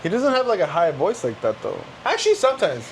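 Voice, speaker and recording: Animated, playful man chatting. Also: sits high, fast, slight background noise, rough recording. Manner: playful, laughs often, animated. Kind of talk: casual chat.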